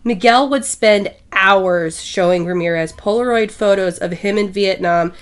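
A woman co-hosting a podcast, reading prepared narration in a steady way. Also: medium pitch, a little slow. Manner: steady, reads from notes. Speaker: podcast co-host.

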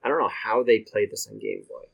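A man's voice: on the low side, huge pitch swings, brisk, vocal fry, a bit bright, low-quality recording. A man co-hosting a casual video game podcast, joking and exasperated, laughing often. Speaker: podcast co-host. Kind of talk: casual game review chat.

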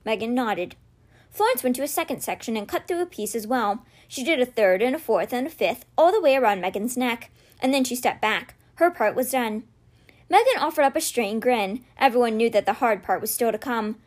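Woman reading a novel aloud, fairly high voice. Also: animated, a little fast. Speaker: read-aloud podcast host.

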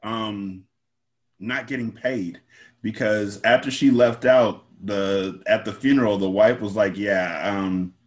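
A man co-hosting a podcast who talks about a movie in an animated, joking way, full of slang. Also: fairly low pitch, unhurried. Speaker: podcast co-host. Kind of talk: casual movie discussion.

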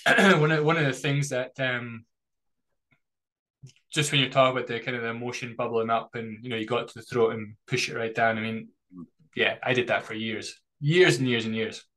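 Male podcast host, middle pitch, sincere and thoughtful, a few restarts. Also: steady tone, sharp tone, poor audio. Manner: earnest, thoughtful, a little halting. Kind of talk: candid interview conversation.

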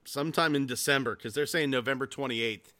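A man in his forties co-hosting a casual podcast, excitable and swearing freely, with frequent laughs. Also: mid-range voice, fairly quick. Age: 40s. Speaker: podcast co-host. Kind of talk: casual chat.

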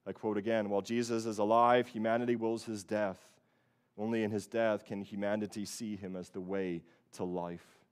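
A man's voice: little pitch movement, moderate pace, clean tone. Man preaching an earnest sermon. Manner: earnest preaching that rises loud and high on quoted voices, then drops low; repeats phrases for emphasis. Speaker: pastor.

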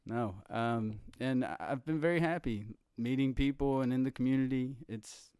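A man's voice: mid-range voice, normal speed, a little mellow, clear, resonant tone, no room sound, clean studio sound. A man with an Appalachian accent, a comedian guest chatting in a friendly, easygoing way and laughing easily. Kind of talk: casual chat. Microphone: studio microphone with headphones.

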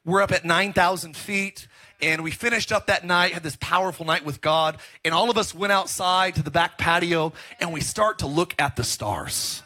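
A middle-aged man preaching a sermon as pastor, telling stories in an animated, joking way. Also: high voice, moderate pace. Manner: animated, joking storytelling with laughs.

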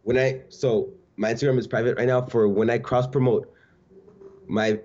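A man's voice: mid-range voice, fairly even intonation, normal speed, darkish tone. A young man talking as a podcast guest, laid-back and casual, calling the host bro. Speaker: guest, social media creator. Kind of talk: casual interview chat. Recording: dull lo-fi sound.

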